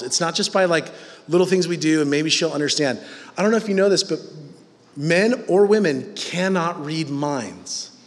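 A man's voice: on the high side, a bit bright, in a large hall. A man in his thirties preaching in a humorous, self-mocking, conversational way. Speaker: pastor. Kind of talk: sermon.

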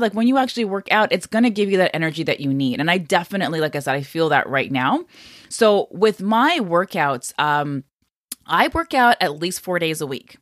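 A woman's voice: mid-range voice, dry recording, studio quality. A woman hosting a health podcast, chatty and upbeat, coaching listeners with lots of "okay?" and "like". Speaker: podcast host. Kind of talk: casual health podcast talk.

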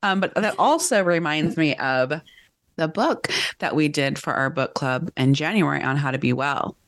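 A woman co-hosting a book club podcast, chatty and animated, laughing often. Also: low-pitched, moderate pace, dry recording. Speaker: podcast co-host. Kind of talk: casual book club chat.

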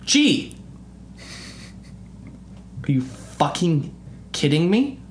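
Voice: medium pitch, big pitch swings, extremely slow, reverberant, slight background noise. A person in casual chat, incredulous and sarcastic, swearing freely and asking lots of questions.

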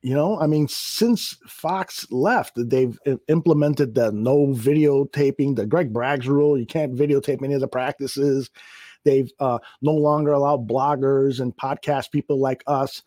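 A man's voice: medium pitch, unhurried, dark tone, dry recording, studio quality. A man co-hosting a casual sports podcast, swearing freely, exasperated and often laughing. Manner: profane, exasperated, laughs a lot. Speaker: podcast co-host.

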